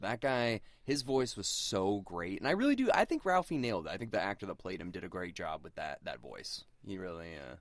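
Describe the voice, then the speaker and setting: A young man with a low voice co-hosts a podcast, talking casually and loosely with plenty of "like" and restarts. His pitch swings widely as he gets animated, and the sound is close and dry with no room around it. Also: gravelly, dry recording. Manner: animated, filler-heavy, jumps into high mock voices for quotes. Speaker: podcast co-host. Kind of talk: casual chat.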